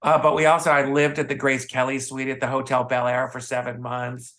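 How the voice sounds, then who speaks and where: A man's voice: medium pitch, brisk, slight background noise. A man from the American Midwest, an author guest telling wild anecdotes in a casual interview, acting out the people he quotes. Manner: animated anecdotes with acted-out quotes.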